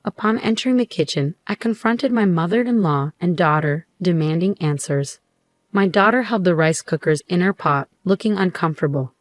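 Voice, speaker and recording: A woman in her thirties narrating a first-person story in an even, scripted telling. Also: on the low side, moderate pace, no echo. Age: 30s.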